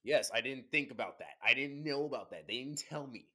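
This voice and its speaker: A young man, a college football player, chatting casually in a relaxed way, with halting restarts and casual swearing. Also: medium pitch. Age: young adult. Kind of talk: casual chat.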